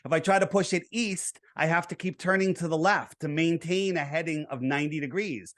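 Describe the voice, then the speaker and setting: Man lecturing earnestly, fairly high voice. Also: a little fast, fairly bright tone. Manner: earnest, lecturing, walks through numbers step by step. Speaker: interview guest. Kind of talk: explanatory interview talk.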